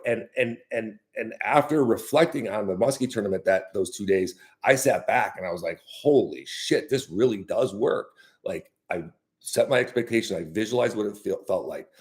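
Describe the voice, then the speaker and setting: Rambling low-voiced fishing guide, young man. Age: young adult. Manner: rambling, with many fillers and restarts. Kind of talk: casual storytelling monologue.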